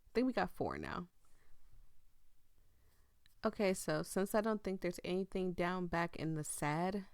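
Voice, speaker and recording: A woman's voice: on the low side, big pitch swings, unhurried, darkish tone, dry recording, clean studio sound. A woman giving chatty, reflective gameplay commentary and talking to her viewers. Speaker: gameplay streamer.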